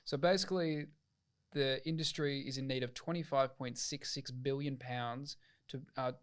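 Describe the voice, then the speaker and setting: A man's voice: medium pitch, steady tone, moderate pace, clean tone. A man co-hosting a casual comedy podcast, reading out news stories and joking, swearing freely. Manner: sweary, jokey, slips into silly put-on voices. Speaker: podcast co-host.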